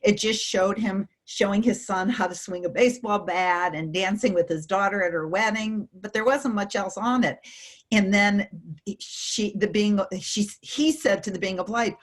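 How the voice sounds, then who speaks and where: A middle-aged woman telling a personal story in an interview, animated and emotional, acting out the voices of the people in it. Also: medium pitch, normal speed. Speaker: guest speaker.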